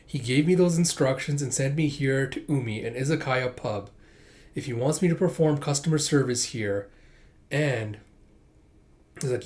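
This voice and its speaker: A man's voice: medium pitch, normal speed, a little mellow. Casual man reading manga aloud. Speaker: manga reader and reactor. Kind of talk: casual read-along commentary.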